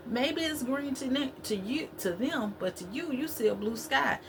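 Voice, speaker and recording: A woman's voice: high-pitched, lively intonation, normal speed, vocal fry, noisy background. Preachy woman. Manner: preachy, repetitive, conversational. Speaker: spiritual vlogger. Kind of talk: spiritual talk to camera.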